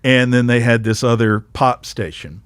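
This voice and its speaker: A man's voice: mid-range voice, moderate pace, clean tone, no room sound, studio quality. A middle-aged man with a Southern accent, hosting a podcast and telling a joking story in casual chat. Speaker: podcast host. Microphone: studio microphone.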